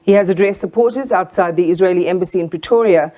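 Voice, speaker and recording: Female news anchor with a formal, measured read, low and mellow. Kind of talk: news reading.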